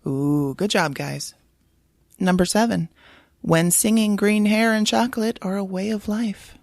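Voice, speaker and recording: A woman's voice: mid-range voice, measured pace, vocal fry, no echo, clean studio sound. A woman co-hosting a casual podcast, reading out quiz clues and laughing easily. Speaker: podcast co-host.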